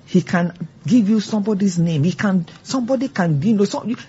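A woman's voice: mid-range voice, brisk, dark tone, breathy edge, muffled recording. A woman leading a church Bible teaching, earnest and growing fervent as she exhorts her listeners. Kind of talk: church teaching with call-and-response.

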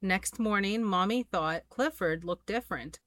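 A woman reading a children's picture book aloud in a gentle, expressive voice. Her pitch sits in the middle range. The recording is close and dry. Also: measured pace, dry recording. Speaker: storybook reader. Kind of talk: children's storybook read-aloud.

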